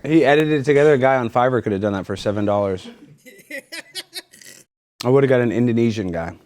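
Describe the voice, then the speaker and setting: A male podcast host with an excitable, jokey manner who breaks into shouts and laughs, talking in a studio. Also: medium pitch, quick pace. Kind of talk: loud comedic podcast banter.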